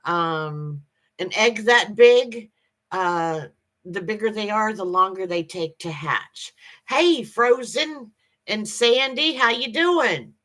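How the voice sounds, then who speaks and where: A woman hosts a relaxed livestream and greets her viewers one by one. She talks slowly and her tone is bright and forward. Her chat is halting and full of ums and restarts. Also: mid-range voice. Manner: greets viewers cheerfully by name. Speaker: livestream host.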